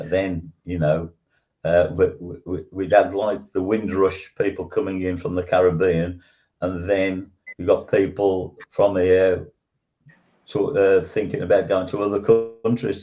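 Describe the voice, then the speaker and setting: A man, hosting a talk show and reminiscing in a halting way, with frequent restarts and ums. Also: deep voice, steady tone, darkish tone. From West Midlands, England. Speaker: radio show host. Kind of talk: casual reminiscing chat.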